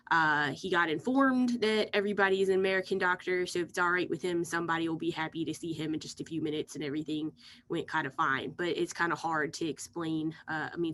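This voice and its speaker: A woman's voice: deep voice, a bit bright. Chatty woman doctor on a video call. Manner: chatty and upbeat, frequent "uh" fillers. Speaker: physician presenting a group recap. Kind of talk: casual workshop presentation. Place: home or office over a video meeting.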